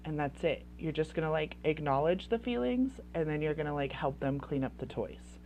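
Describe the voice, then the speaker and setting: A woman's voice: low-pitched, animated, moderate pace, darkish tone, muffled recording, a little hiss or hum. A woman coaching parents in casual advice talk, chatty and full of "like" fillers. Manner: chatty, heavy use of "like" fillers.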